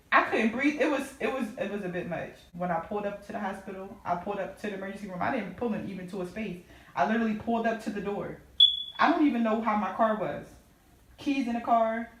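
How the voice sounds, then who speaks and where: In an echoey room, recorded from a distance with a little hiss or hum, a woman of medium, slightly bright pitch tells her story of loss in casual conversation. The sister voices her own pleading and the remarks of others present.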